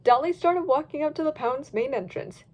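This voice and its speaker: A woman reading a fan-written story aloud in a lively storybook manner. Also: high voice, moderate pace. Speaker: reader. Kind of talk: storybook narration of fan fiction.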